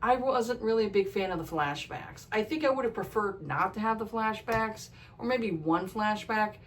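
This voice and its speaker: A woman's voice: medium pitch, moderate pace, slight background noise, poor audio. A woman talking casually in a book review vlog, frank and ranting, swearing freely and using lots of "like" fillers. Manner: frequent "like" fillers.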